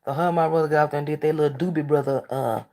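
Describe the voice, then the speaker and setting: A woman talk show host telling stories in casual chat, blunt and candid, swinging between animated outbursts and hushed asides. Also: sits low, rapid-fire.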